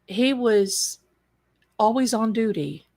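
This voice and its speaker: Unhurried woman spinning a lively yarn, quick to laugh. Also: a little high. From Tennessee. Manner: animated, laughing, quotes others in put-on voices. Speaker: storyteller guest. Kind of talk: casual storytelling on a live stream.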